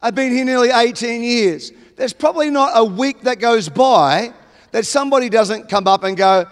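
A man with an Australian accent preaching a sermon, emphatic and building to loud exclamations. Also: very high-pitched, animated, normal speed. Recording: long hall reverb.

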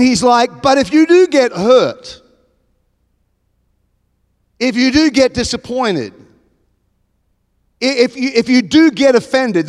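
Australian guy preaching, really high voice, emphatic, big hall echo. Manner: emphatic, builds to loud exclamations. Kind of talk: sermon. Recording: long hall reverb.

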